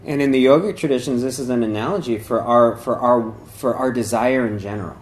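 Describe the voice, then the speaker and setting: A man's voice: medium pitch, a little fast. A man giving an informal talk on meditation and yoga traditions, rambling conversationally with many fillers and restarts. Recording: echoey room.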